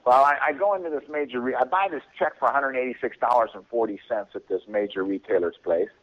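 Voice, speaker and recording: A man calls in to a radio show and tells a long story at a relaxed, mid-range pitch. He chuckles between lines and acts out what people said to him. The phone line sounds muffled and dull. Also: fast. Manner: chuckling, acts out quoted voices. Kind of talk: casual storytelling.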